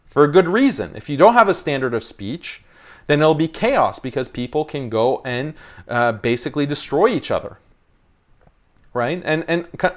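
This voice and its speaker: A man hosting a live-stream commentary, arguing in an emphatic way and repeating key phrases for stress. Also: mid-range voice. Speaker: host.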